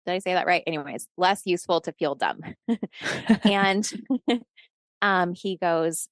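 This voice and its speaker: As a podcast guest, a woman shares a personal story in casual talk, animatedly acting out the dialogue while she swears and laughs. Her voice is on the low side with a measured pace and long pauses, and the recording is dry, clean studio sound.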